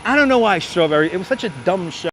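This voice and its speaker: Walking through city streets, this livestream host, a man with a high voice and a Brooklyn accent, talks fast into a wireless clip-on mic. He's chatty and animated with his viewers, frequently thanking them by name, while traffic hums faintly behind him.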